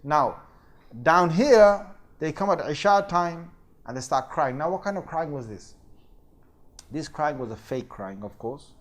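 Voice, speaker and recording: High-voiced guy teaching a religious story, acts out the voices, gets loud then drops quiet. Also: unhurried. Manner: animated, acts out quoted voices and fake crying. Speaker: Islamic teacher. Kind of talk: lecture on a scripture story.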